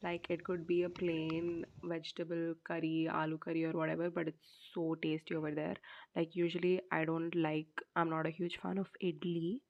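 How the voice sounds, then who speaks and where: A young woman tells a story in a relaxed, rambling way, leaning on "like" and small restarts. Her voice sits fairly low, and the recording sounds dull and lo-fi. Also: vocal fry. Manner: chatty, many fillers like "like". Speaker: vlogger. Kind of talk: casual storytime chat.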